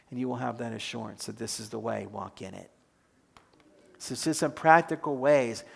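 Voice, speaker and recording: A man's voice: mid-range voice, gravelly. A man preaching a sermon, posing reflective questions to the congregation in an earnest way, then leading a prayer. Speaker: pastor.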